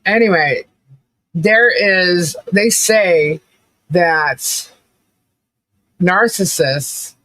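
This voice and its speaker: A woman's voice: lowish voice, very slow, long pauses, a bit bright, dry recording. A middle-aged woman hosting a casual live stream, chatting animatedly and laughing often as she reacts to viewer comments. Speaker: livestream commentary host.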